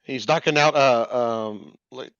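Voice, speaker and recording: A man in a casual boxing chat who speaks haltingly with many ums and uhs. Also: mid-range voice, creaky, fairly bright tone, dull audio.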